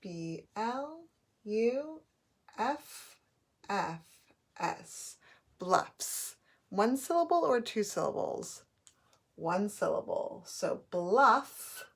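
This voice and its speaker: A woman leads a phonics lesson for young children at an even, middle pitch. She speaks slowly and deliberately, sounding out letters one by one, with the patient rhythm of a teacher at the board. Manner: slow, clear teacherly pacing with sounded-out letters.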